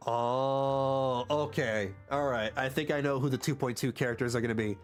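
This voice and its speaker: A sick male game streamer, reading game dialogue aloud and reacting in an animated way. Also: medium pitch, fast talker, soft background music. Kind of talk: livestream gameplay commentary and dialogue reading.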